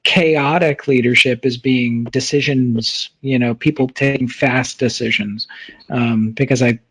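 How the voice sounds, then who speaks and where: A man's voice: mid-range voice, steady tone, unhurried, fairly bright tone, slightly rough, low-quality recording. A man hosting a casual panel discussion, asking curious questions with hesitant restarts.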